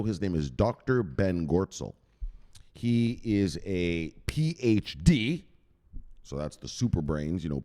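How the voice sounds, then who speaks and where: Man, low voice, lively swinging pitch, casual crypto news commentary, chatty asides. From United States. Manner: chatty, digressive, asks viewers to google things.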